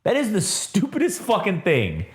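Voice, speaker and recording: A man's voice: high voice, huge pitch swings, normal speed. A man co-hosting a casual wrestling review, ranting emphatically and swearing a lot. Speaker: podcast co-host.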